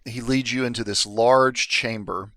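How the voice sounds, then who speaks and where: A man narrating a tabletop game as dungeon master, in a relaxed, halting way with many fillers. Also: mid-range voice, no echo.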